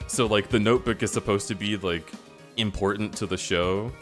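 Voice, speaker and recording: Low-voiced man ranting on a stream. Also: normal speed, faint music behind. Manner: animated retelling, acting out quoted characters, frequent laughs. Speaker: livestream host. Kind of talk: casual chat.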